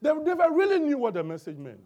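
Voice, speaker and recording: Male preacher, bible teaching, animated up-and-down pitch, emphatic, keeps asking the congregation "all right?". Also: fast, muffled recording. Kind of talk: sermon-style Bible teaching. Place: church before a congregation.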